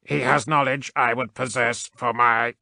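A man voicing a cold, arrogant cyborg drone in a flat monotone. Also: mid-range voice, unhurried, gravelly, dry recording, exaggerated voice.

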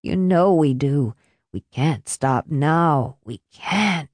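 A woman's voice: low-pitched, animated, takes it slowly, a little mellow, dry recording, clean studio sound, full character voice. A woman narrator voicing a tearful, needy young man who talks in a strained, pleading way. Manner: pleading, strained, thick-voiced.

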